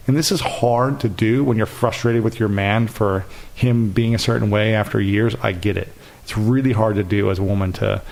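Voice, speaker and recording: A man's voice: lowish voice, creaky. A man in his thirties, a podcast guest talking earnestly and telling stories about himself. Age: 30s. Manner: earnest, animated storytelling with acted quotes. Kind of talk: casual interview conversation.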